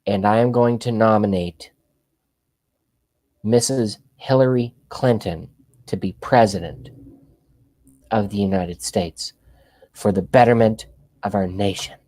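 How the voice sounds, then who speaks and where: A man's voice: on the low side, a little slow, pauses often, mellow, no room sound. A man doing a mocking impression of a nasty, drunk elderly woman politician, slurred and sneering. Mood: mock-solemn.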